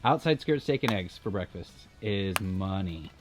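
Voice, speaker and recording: A man's voice: sits low, lively intonation, normal speed, background noise. Dry, teasing man co-hosting a cookout. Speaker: cooking show co-host. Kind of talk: casual banter. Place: outdoor griddle cooking set. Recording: music bed behind. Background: background music.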